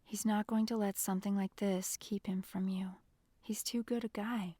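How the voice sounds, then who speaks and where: A woman reading the part of a gentle, encouraging young man in an audiobook, speaking softly and reassuringly. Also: mid-range voice, steady tone, moderate pace, no echo, studio quality, close to an everyday voice. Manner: soft, hushed and reassuring.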